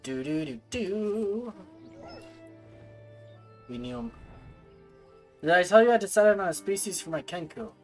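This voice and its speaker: A woman streamer talks loosely and playfully to her viewers while she plays, joking at her own expense. Her pitch jumps around a lot, and faint music runs behind her voice. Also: animated, a little slow, pauses often, darkish tone, rough recording. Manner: playful, self-mocking, chatting with viewers. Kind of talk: casual game streaming chat.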